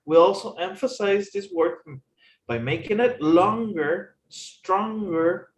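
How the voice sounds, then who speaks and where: A man, teaching an English lesson with slow, careful explanations. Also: sits high, a little hiss or hum. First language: Spanish. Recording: echoey room.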